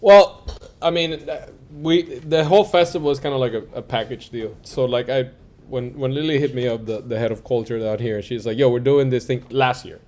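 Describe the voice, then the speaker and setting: Animated man telling studio stories. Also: medium pitch, a little fast. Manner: animated storyteller, acts out quoted dialogue; frequent fillers like "like" and "yo". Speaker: music producer and engineer. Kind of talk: casual interview chat.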